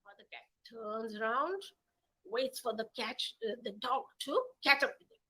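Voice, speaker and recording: A woman with an Indian English accent telling a children's story in an animated, playful way. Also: on the high side, unhurried, breathy edge, poor audio. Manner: animated, playful voices and sound effects.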